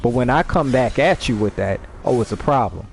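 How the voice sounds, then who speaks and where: Animated, swearing man telling a story. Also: mid-range voice, brisk, slight background noise. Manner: animated, profane, repeats words as he restarts. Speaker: livestream host. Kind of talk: casual storytelling chat.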